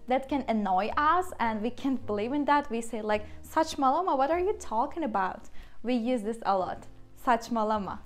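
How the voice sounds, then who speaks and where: Young turkish-accented woman teaching phrases, higher voice, light music behind. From Turkey. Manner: explains with everyday examples, laughs often. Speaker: language teacher. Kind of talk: casual language lesson.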